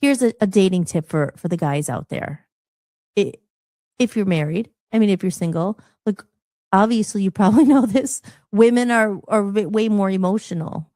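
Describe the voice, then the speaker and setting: Woman podcast host, mid-pitched, casual and rambling, dry close sound. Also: moderate pace, dark tone, no echo. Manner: rambling, chatty, self-interrupting. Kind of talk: casual live-show chat.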